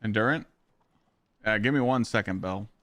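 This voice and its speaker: A young man live-streams a game, chatting in a rambling, profane way as he reads chat aloud and answers viewers' questions. His voice is lowish and fairly bright, at normal speed, with no room sound.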